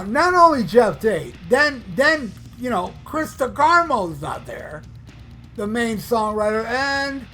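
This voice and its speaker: A man in his fifties, a podcast host, ranting in an excited, profane way in bursts with fillers. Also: high-pitched. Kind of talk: casual opinionated rant.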